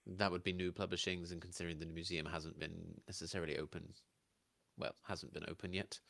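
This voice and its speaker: Fussy formal clerk for a tabletop game, played by a man; deep and dry. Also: flat delivery, fairly quick, creaky, a bit bright, no room sound. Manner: polite, formal and careful. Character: fussy male library clerk, businesslike.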